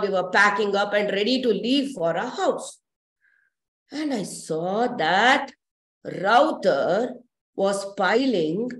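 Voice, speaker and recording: A woman storyteller, telling a story in the first person as a shopkeeper, chatty and full of asides. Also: medium pitch. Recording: roomy echo.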